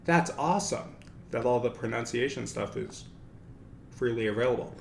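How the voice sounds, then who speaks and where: A man's voice: medium pitch, moderate pace, creaky. A man hosting a casual study livestream, thinking aloud and correcting himself as he talks. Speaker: livestream host. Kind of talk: casual study-stream talk. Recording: echoey room with faint noise.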